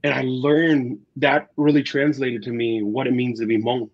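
A man's voice: mid-range voice, moderate pace, vocal fry. A man, a chef and guest on a talk show, chatting casually and acting out the people in his stories, with many fillers. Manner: animated storyteller, acts out quotes, many fillers. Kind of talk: casual interview chat. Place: Twin Cities area. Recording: slightly dull, lo-fi sound.

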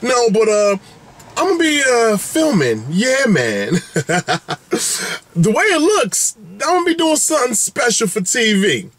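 A man's voice: wildly swooping pitch, unhurried, fairly bright tone. A man giving an exuberant, playful vlog update as a food reviewer, swinging his voice up and down. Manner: exuberant, playful, big swings in pitch and catchphrases. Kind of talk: animated direct-to-camera vlog update.

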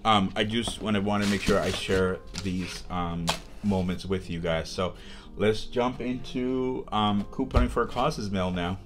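A young man hosting a casual unboxing vlog, talking in an excitable, gushing way with lots of ums and restarts. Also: lowish voice, measured pace, over music. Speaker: vlogger.

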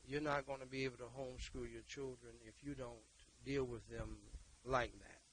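A man, preaching a sermon and leading prayer, emphatic and repetitive, moving between loud exhortation and quiet talk. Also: mid-range voice, fairly even intonation, normal speed, slight background noise, rough recording.

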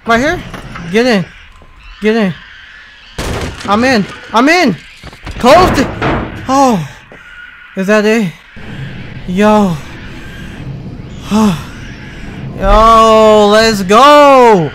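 High-voiced excitable man playing a game. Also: drawn-out words, pauses often, noisy background. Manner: excitable, yelping and pleading. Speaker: gamer. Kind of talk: game playthrough commentary. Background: game music.

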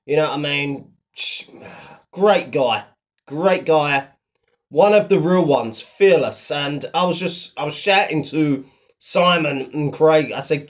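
A man's voice: on the high side, animated, a little slow. A man runs a mocking commentary in a loose, rambling way. He stacks up fillers and restarts, and his tone stays sneering and dismissive throughout. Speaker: online commentator.

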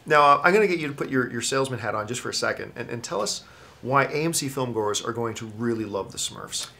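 A man's voice: mid-range voice, expressive, fast talker, bright, forceful tone, a little hiss or hum. A male interviewer asking questions in an upbeat, enthusiastic way.

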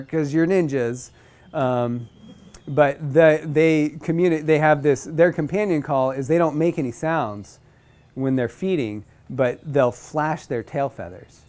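A man teaching a group about bird calls in a casual, animated way, sometimes mimicking bird chips. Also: medium pitch, normal speed. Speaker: outdoor naturalist instructor.

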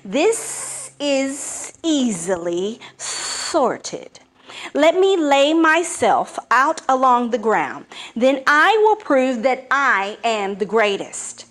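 A woman voicing a vain, hissing male python who stretches out his words slowly and menacingly. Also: on the high side.

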